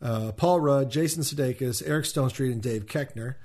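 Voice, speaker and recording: A man's voice: mid-range voice, a little fast, a little mellow. Male podcast co-host, casual, rambling delivery full of fillers. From Kansas City, USA. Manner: rambling, frequent ums and restarts. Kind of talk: casual chat.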